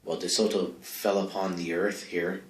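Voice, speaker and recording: Man, comic advice host, low voice, rambling asides, close mic, bare echoey room. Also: level tone, moderate pace. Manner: rambling and offhand, full of asides and mic checks. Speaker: comedic advice-column host. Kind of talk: rambling comedic monologue. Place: small home studio with no insulation. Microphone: close microphone.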